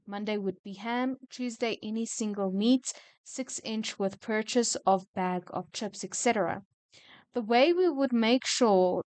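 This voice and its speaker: Slow, smooth-voiced woman storyteller. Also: mid-range voice, dry recording. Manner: shifts from level reading to loud indignant rants. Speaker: VTuber reading retail stories. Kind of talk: story reading with ranting reactions.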